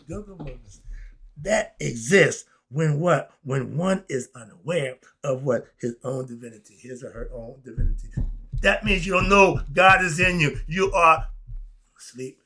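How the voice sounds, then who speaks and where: Excitable, husky man on a bright tone. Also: on the high side, measured pace. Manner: excitable, rhetorical, asks questions and answers them. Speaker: host. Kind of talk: animated spiritual commentary vlog.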